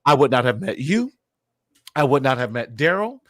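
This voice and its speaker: A man hosting a casual live-stream chat over a video call, animated, laughing often and repeating words. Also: mid-range voice, normal speed, no room sound, clean studio sound. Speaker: host.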